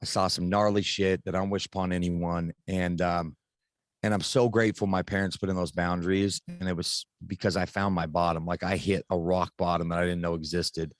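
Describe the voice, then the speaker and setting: Low-voiced man telling his story frankly. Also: little pitch movement, a little fast, no room sound. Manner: casual, frank, swears freely. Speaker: podcast guest. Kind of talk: candid personal storytelling.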